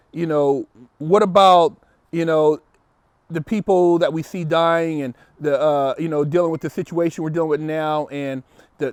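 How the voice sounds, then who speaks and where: A man's voice: on the high side, dry recording. A man hosting a show, answering viewer comments in an emphatic, opinionated monologue, repeating words when fired up. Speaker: show host. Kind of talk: casual monologue responding to comments.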